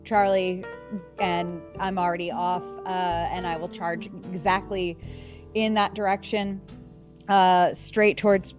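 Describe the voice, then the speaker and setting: A woman's voice: fairly low pitch, flat delivery, measured pace, soft background music. A woman playing a tabletop role-playing game, describing her character's actions in a hesitant way with many fillers. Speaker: player.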